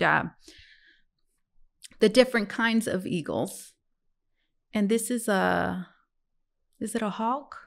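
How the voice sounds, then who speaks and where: Chatty, bright-voiced woman tarot reader. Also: on the high side, gravelly. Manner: musing, chatty, addresses viewers as guys. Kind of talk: casual tarot reading to viewers.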